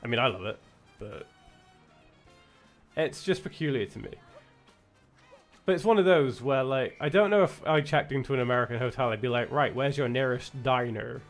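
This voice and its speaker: A young British man chatting offhandedly as he streams a game, drifting between thoughts and correcting himself as he goes. His voice sits at an ordinary middle pitch. Faint game music plays under him. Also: animated, moderate pace, long pauses. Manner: rambling, many fillers and restarts, self-correcting. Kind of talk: casual chat while gaming.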